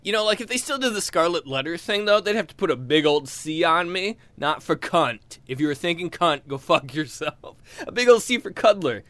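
A young man from West Virginia with a West Virginia accent, doing a crude stand-up comedy set and jumping into shrill put-on voices. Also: lively intonation, brisk, fairly bright tone, no echo.

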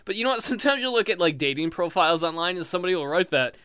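A man doing a stand-up comedy routine in a sardonic, animated way, with swearing punchlines. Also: sits high, very fast, few pauses, clean tone, no echo, clean studio sound.

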